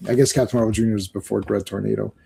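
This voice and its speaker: A man's voice: fairly low pitch, fairly even intonation, rapid-fire, vocal fry, warm tone, husky. A man co-hosting a casual comic book chat, joking and acting out panels in silly voices. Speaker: podcast co-host.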